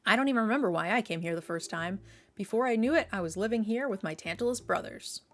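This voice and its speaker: A woman's voice: mid-range voice, expressive, fast talker, faint music behind, close to an everyday voice. A woman reading a cocky young thief guy. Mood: breezy.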